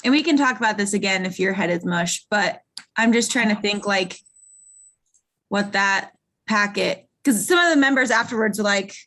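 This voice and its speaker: A woman's voice: medium pitch, normal speed, fairly bright tone. A woman on a video call, casually asking questions about next steps. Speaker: task force member. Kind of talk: meeting discussion.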